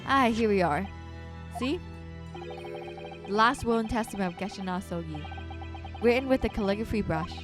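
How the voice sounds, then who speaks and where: A woman's voice: medium pitch, normal speed, pauses often, close to an everyday voice. Woman doing a grumpy scottish prison guard, thick put-on brogue, music going behind. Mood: gruff. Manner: broad put-on brogue, dismissive. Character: gruff Scottish-accented male prison guard, blunt and testy. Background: background music.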